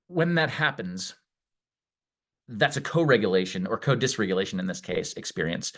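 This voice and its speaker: A middle-aged man coaching in a live-streamed talk, with a lowish voice and a gravelly edge. He explains in a conversational way. His tone is easy and unhurried. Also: fairly bright tone. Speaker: wellness coach.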